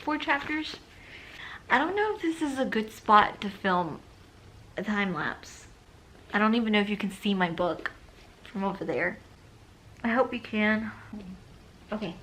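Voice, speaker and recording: A woman's voice: mid-range voice, expressive, a little slow, pauses often, bright, forceful tone, a little hiss or hum. A young woman chatting casually in a reading vlog from her bedroom, rambling and saying "like" a lot. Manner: chatty, rambling, fills speech with "like". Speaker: book vlogger.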